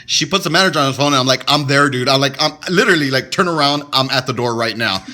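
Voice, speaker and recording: A man's voice: mid-range voice, rapid-fire. A man co-hosting a podcast, telling stories in casual, profane, laughing chat. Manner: profane, laughing, animated storyteller. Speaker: podcast co-host.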